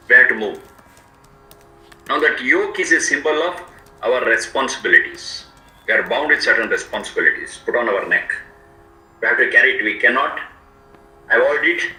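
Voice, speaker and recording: A man teaching a scripture, explaining each word slowly and repeating its meanings. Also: mid-range voice, lively intonation, bright, forceful tone, reverberant, rough recording. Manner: slow, repetitive word-by-word explanation. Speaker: Vedic teacher. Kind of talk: explanatory lecture.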